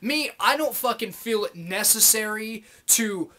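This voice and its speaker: A man's voice: high-pitched, lively intonation, unhurried, sharp tone. A man in his late twenties giving a profane, rambling, heated monologue to the camera as a vlogger. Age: late 20s.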